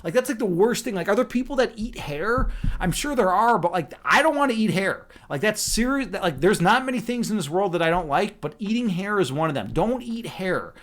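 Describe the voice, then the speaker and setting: A man's voice: sits high, expressive, brisk, hardly any pauses, fairly bright tone. A man from Chicago hosting a casual livestream chat, rambling and laid-back, repeating words and saying "dude" and "man" a lot. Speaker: livestream host.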